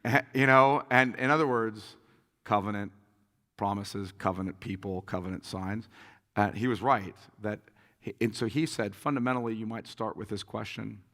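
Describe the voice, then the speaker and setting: A pastor answering audience questions at a conference, telling stories with lively acted-out quotes and frequent laughter. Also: male voice, lowish voice, normal speed, in a large hall. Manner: animated storyteller, acts out quotes, laughs often. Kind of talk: conference Q&A talk.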